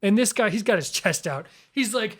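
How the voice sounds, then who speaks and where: A man's voice: high-pitched, lively intonation, brisk, fairly bright tone, husky. A man hosting his own video, giving casual, playful commentary as he ranks flags, with frequent exclamations and chuckles. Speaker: YouTube host.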